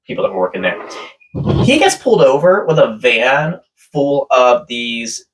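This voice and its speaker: A man's voice: medium pitch, very animated, measured pace. A man telling a rambling story in casual podcast chat, often laughing. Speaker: podcast co-host. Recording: voice a bit far from the mic.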